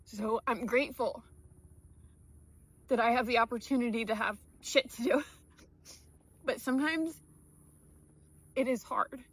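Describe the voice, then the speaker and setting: A woman's voice: fairly high pitch, measured pace, long pauses, slightly rough. A woman in a personal vlog, talking straight to her followers in a heartfelt, earnest way. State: tearful. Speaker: vlogger.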